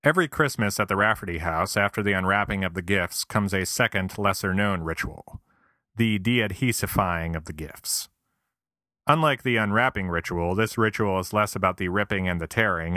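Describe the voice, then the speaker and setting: A man reads a scripted comic essay in a wry, self-deprecating way, full of mock-earnest asides. His voice sits a little low but has a bright, forceful edge. The recording is close and dry. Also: moderate pace, dry recording. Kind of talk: scripted comedic narration.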